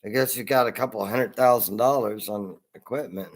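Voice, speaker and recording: A man's voice: mid-range voice, steady tone, moderate pace. A man hosting a casual livestream, rambling to his viewers and laughing often between remarks. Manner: rambling, laughs often, reads chat aloud. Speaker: livestream host. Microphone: headset.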